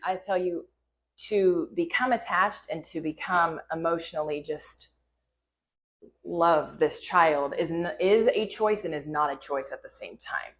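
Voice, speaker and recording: A woman's voice: lowish voice, a little slow. A woman guest, a foster mother, speaking earnestly and thoughtfully in a casual interview.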